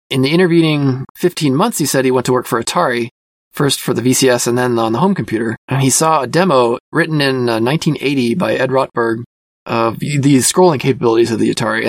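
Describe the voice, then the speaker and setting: A soft-spoken man talks his way through a magazine article, hedging and circling back with plenty of fillers. His voice sits at an ordinary middle pitch. The recording is close and dry, with no room sound. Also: no room sound. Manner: thoughtful, hedging, self-reflective with many fillers; describes himself as a quiet person. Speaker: podcast host reviewing a magazine. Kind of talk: casual spoken commentary.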